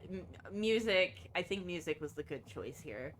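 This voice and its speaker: A woman's voice: on the low side, very animated, normal speed, slight background noise. A woman streaming a game and chatting casually, thinking aloud and swearing freely.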